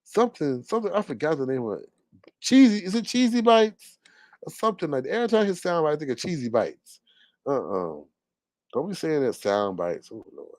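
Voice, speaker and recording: A man's voice: a little high, very animated, brisk, a little mellow, dry recording. A young man, gossiping sassily in casual commentary with laughing asides. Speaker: commentary vlogger.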